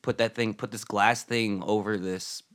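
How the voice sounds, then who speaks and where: Low guy rambling thru an episode recap, lots of um and like. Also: fairly even intonation, moderate pace. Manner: rambling, many fillers and restarts, drops into quiet asides. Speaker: podcast co-host. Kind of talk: casual chat recapping a TV episode.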